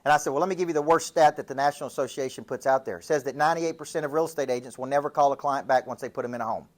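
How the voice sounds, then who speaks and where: A man with a Tennessee Southern accent delivers a motivational business coaching talk, packed with stories and rhetorical questions. His mid-range voice comes out rapid-fire, and his manner is punchy storytelling.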